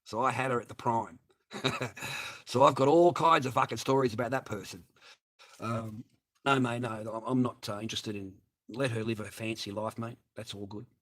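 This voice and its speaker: Husky-voiced Australian bloke, mid-pitched, crude and blunt livestreamer. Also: male voice, moderate pace, a bit bright. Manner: swears heavily, laughs often, blunt. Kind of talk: crude rambling livestream chat.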